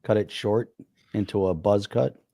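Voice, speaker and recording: Mellow low-voiced male co-host. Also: unhurried, gravelly. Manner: brief, laid-back interjections. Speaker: podcast co-host. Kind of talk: casual live-stream chat.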